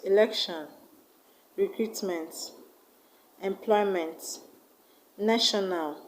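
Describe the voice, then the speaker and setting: A woman teaching an online English lesson, repeating key points slowly and deliberately. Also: fairly low pitch, a little mellow, slight background noise, rough recording.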